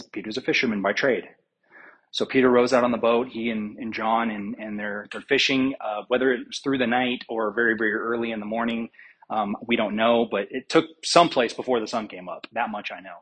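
A man preaching with a husky, breathy voice at an ordinary pitch. He retells scripture as a story, slipping into the words of its figures and pausing with fillers as he thinks aloud. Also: a bit bright, rough recording. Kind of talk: sermon.

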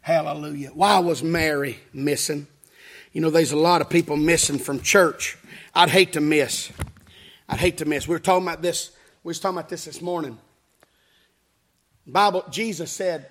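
A man preaching a fiery revival sermon, shouting in a chanting cadence with frequent hallelujahs and calls to the congregation. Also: on the high side, fairly even intonation, normal speed, pauses often. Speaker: pastor.

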